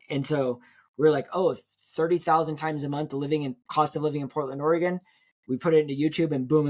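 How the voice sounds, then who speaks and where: Fast-talking man telling a story. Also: mid-range voice. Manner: fast, animated storytelling, acts out quotes. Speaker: real estate agent, guest. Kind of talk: storytelling in an interview.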